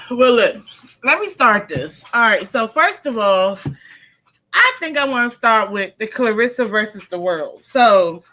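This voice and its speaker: Pitched fairly high, her voice comes across pushed and bright. She's a tarot reader and live stream host chatting casually with her audience and her pet, captured on a computer or phone mic with rough sound quality.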